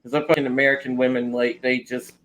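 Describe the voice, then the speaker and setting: Profane, rambling man with a bright voice. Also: mid-range voice, little pitch movement, fast, poor audio. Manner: profane, rambling, laughs often. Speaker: podcast host. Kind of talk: casual chat.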